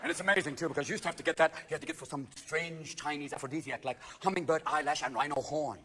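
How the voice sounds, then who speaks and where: A man in his fifties performing stand-up comedy, switching manically between voices and bursting into shouts. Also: on the high side, racing. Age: 50s. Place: theater stage before a laughing audience. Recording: live theater recording with audience noise.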